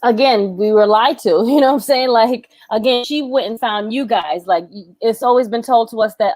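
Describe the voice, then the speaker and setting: Animated woman co-hosting a wrestling review. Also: on the high side, normal speed, hardly any pauses, dry recording. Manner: animated, laughs often, lots of "like". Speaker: wrestling show co-host. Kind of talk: casual review chat.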